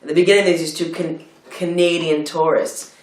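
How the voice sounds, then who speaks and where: A man from Philadelphia chats casually about a film, drifting into long anecdotes and acting out other people's lines. His voice sits a little high. He sounds distant from the mic, in a room with a lot of echo. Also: flat delivery, normal speed. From United States (Philadelphia). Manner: rambling storyteller, acts out quotes. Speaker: film review co-host. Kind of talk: casual chat.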